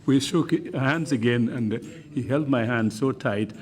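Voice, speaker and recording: An older man chairing a formal hearing, speaking slowly with many ums and uhs. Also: medium pitch, crowd noise. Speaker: commission chair.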